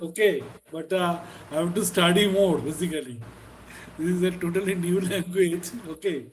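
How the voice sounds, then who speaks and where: A man's voice: high-pitched, moderate pace, poor audio. A man, a student chatting casually in an online lesson. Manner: brief acknowledgments, easygoing.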